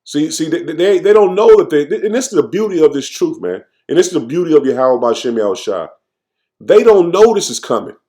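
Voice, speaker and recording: A man giving an informal, fervent sermon, reading verses slowly and then commenting, tagging "man" onto nearly every phrase. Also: fairly high pitch, big pitch swings, dark tone. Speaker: scripture teacher. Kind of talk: informal preaching with scripture reading.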